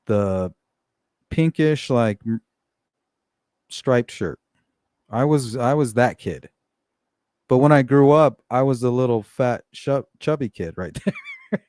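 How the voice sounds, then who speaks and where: A man's voice: mid-range voice, darkish tone, clean tone, no room sound. Man, middle-aged, casual live chat host, blunt and profane, frequent laughs, dry recording. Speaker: livestream host reading chat.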